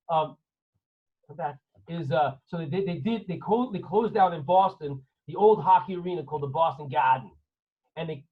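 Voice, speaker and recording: A man, a rabbi, giving an animated storytelling lesson to students and firing questions at them over a video call. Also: sits high, slightly rough. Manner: animated, asks listeners questions, acts out scenes. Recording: dull lo-fi online audio.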